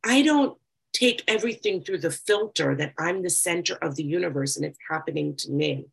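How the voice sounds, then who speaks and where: A woman with a low, gravelly voice talks reflectively about her own experience. She reads passages aloud slowly and deliberately, then shifts into loose, personal speech, and her tone stays slightly husky throughout. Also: animated, low-quality recording. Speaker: speaker sharing recovery experience. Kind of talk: personal talk with reading aloud.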